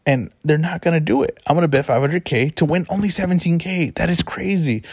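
A man's voice: on the high side, a little fast, slightly rough, no room sound, clean studio sound. A man hosting a casual sports betting talk show, rambling and correcting himself as he goes. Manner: chatty, rambling, self-correcting. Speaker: podcast host.

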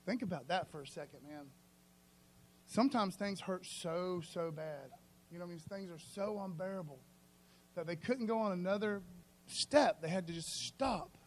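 A man preaching a sermon in a loose, conversational, storytelling way, often calling the listeners "man" and swinging between soft and loud. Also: high-pitched, moderate pace, a little hiss or hum.

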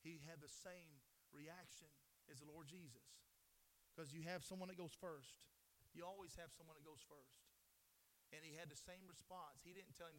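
High, bright-voiced preacher man. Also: normal speed, a little hiss or hum. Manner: emphatic, rising to loud questions then dropping soft. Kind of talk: sermon.

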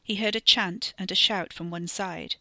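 A woman in scripted narration, reading a horror serial in a measured way that slows for tension. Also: mid-range voice, steady tone, pushed and bright, no echo. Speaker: podcast storyteller.

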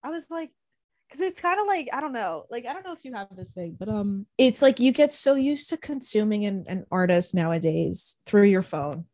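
A woman's voice: medium pitch, sing-song, moderate pace, a little mellow, dry recording. A young woman telling a concert story in casual chat, rambling, saying "like" a lot, swearing and laughing often. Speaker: podcast co-host.

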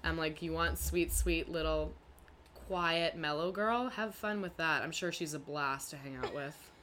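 A young woman with a somewhat low voice chats loudly and bluntly on a podcast. She swears freely and loves gossip. A light hiss sits under the recording. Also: a little slow. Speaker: podcast co-host. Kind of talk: casual chat.

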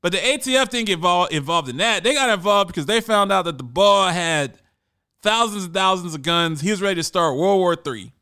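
Bright-voiced man, casual storytelling. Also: sits high, lively intonation, a little fast, clean tone. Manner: conversational, often repeats words when restarting.

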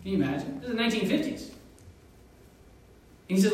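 Male pastor, sermon, storytelling with chuckles, high voice, echoey church hall, far from the mic. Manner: storytelling, animated, with chuckles and pauses. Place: church sanctuary.

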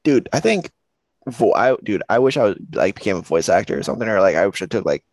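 A man's voice: lowish voice, sing-song, quick pace, dry recording. A young man co-hosting a podcast, easygoing and joking in casual chat. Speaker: podcast co-host.

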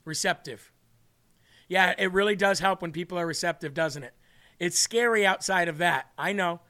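Man, host, live-stream faith talk, high voice, bright tone, earnest, excitable. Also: moderate pace. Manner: earnest, excitable, restarts and laughs often. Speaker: host of an online faith show. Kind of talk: live-stream talk, reading viewer comments.

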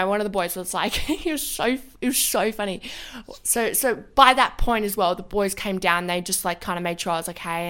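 A woman's voice: mid-range voice, a bit bright. Young woman, podcast co-host, rambling, casual storytelling. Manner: rambling, heavy on "like" and swearing.

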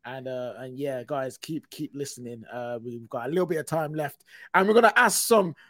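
A man hosting a casual faith podcast, talking in quick excited bursts and speaking to viewers. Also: mid-range voice, no room sound. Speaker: podcast host.

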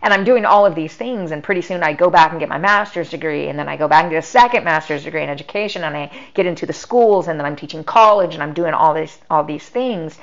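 Gravelly-voiced woman telling her story. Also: low voice, fast, hardly any pauses. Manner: chatty, full of "like" and quoted dialogue. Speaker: podcast guest. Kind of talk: personal storytelling. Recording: dull lo-fi sound.

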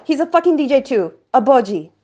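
A woman host delivering an energetic, profane, rambling monologue. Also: sits high, a little fast, lo-fi sound. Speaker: podcast host.

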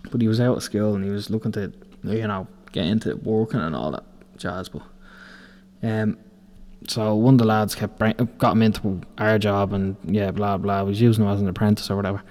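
Young irish guy rambling site stories, lots of swearing, lowish warm voice. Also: steady tone, a little fast. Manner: rambling, profane, laughs through his stories. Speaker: podcast host. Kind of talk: casual storytelling.

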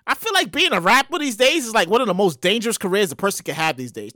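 A man giving casual news commentary in an animated way, swearing, stammering and restarting, with sudden loud mock exclamations. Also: very high-pitched, fast, hardly any pauses, dry recording, clean studio sound.

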